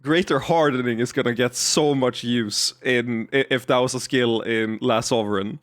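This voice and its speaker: A man's voice: mid-range voice, steady tone, moderate pace, fairly bright tone. A man streaming a game, rambling casually, giggly, with frequent restarts. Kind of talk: casual live-stream commentary.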